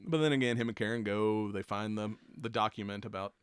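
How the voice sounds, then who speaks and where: A man's voice: lowish voice, brisk, smooth, no room sound. A man hosting a podcast, chatting casually through a TV episode recap, swearing freely, laughing often and acting out the characters' lines. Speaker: podcast host.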